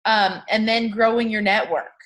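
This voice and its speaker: A woman's voice: fairly high pitch, steady tone, moderate pace, fairly bright tone. A woman hosting a casual group call, chatty and upbeat with many filler words. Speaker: call host.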